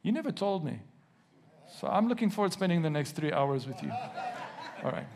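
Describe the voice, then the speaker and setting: Amid background noise, a high-pitched, sing-song preacher addresses his congregation in church. His sermon features slow, emphatic scripture reading, questions aimed at the listeners, and the odd joke.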